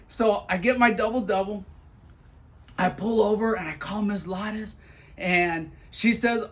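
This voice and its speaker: A school principal tells stories to donors in an animated, personal way. His voice sits fairly high for a man, and he acts out what others said. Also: a little slow. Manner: warm, animated storyteller who acts out quotes. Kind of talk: storytelling update video to donors.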